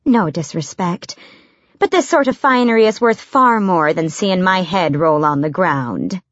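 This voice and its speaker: A woman's voice: lowish voice, lively intonation, measured pace, dry recording. Older woman servant, bold, motherly, scolding, dry dull recording, read by a woman. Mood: fussy, scolding. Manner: scolding, fussy.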